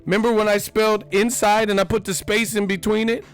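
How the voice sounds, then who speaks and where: A man's voice: sits high, level tone, a little fast, clean tone, soft background music, pitched above the performer's own voice, natural voice. A man putting on the voice of an obsessed, clingy male fan who pleads in a raised singsong. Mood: clingy pleading.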